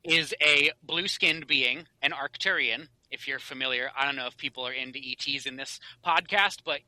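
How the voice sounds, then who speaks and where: A man, a podcast guest, telling a long personal story in casual interview talk, animated and rambling with many fillers and restarts, on a close mic. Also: medium pitch, normal speed, dry recording, rough recording.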